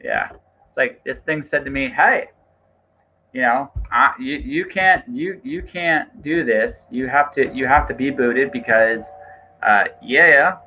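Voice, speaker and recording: A man hosting a podcast, chatting casually in a halting way and repeating his words. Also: medium pitch, narrow, tinny audio, slight background noise. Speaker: podcast host. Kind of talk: casual chat over a call.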